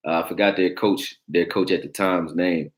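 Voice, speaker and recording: Deep-voiced blunt sports talk host. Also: male voice, steady tone, normal speed. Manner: blunt, profane, joking, reacting to chat. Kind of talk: casual sports talk livestream.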